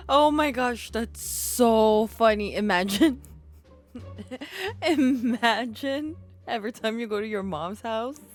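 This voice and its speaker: High, lively woman streamer. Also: faint music behind. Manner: laughs often, drawn-out exclamations. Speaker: streamer reacting to clips. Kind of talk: reaction stream commentary.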